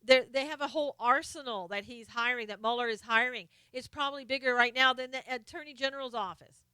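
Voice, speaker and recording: A woman's voice: sits high, fast, bright, forceful tone, smooth, no room sound. A woman hosting a live stream of political commentary, talking in an impassioned way and greeting viewers by name.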